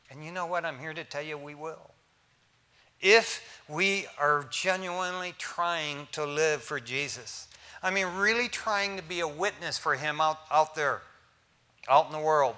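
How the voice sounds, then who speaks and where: An older man, a pastor, preaching a sermon in a lively, joking way to his congregation. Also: fairly high pitch.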